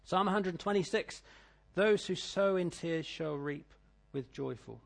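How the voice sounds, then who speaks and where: A middle-aged British man preaching a sermon, reading scripture and telling stories, swinging between loud declaiming and quiet asides. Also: high voice, a little slow, gravelly. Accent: British English. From Britain.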